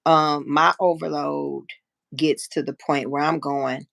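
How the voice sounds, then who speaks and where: A woman in her fifties hosting a live stream, telling a personal story in a frank, profane, animated way and acting out what people said. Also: low voice, slow pace, gravelly, dry recording. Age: 50s. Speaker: livestream host. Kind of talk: casual storytelling chat.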